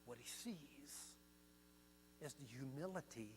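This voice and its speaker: An older man preaching a sermon as pastor, telling stories and swinging from hushed to loud. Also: mid-range voice, lively intonation, slow. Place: church sanctuary. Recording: long hall reverb with mains hum.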